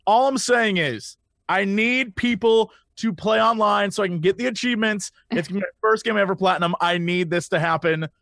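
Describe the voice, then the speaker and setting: A man co-hosting a casual podcast, joking and pleading in an energetic way. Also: high voice, fairly quick, creaky, no echo, studio quality. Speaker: podcast co-host. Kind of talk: casual chat.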